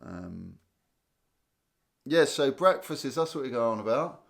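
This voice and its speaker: A man's voice: medium pitch, very animated, a little slow, vocal fry. Tired, chatty man hosting a live stream. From Guernsey. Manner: chatty, rambling, thinks aloud with restarts and small laughs. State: tired, yawning. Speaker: livestream host. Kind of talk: casual live chat reading viewer comments.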